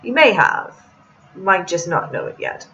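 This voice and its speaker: A woman voicing a theatrical, pompous male cafe owner in a game, speaking slowly and grandly in a put-on accent. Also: on the low side, very animated, bright, forceful tone, far from the mic, muffled recording, voice pushed down, heavily acted. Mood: smug.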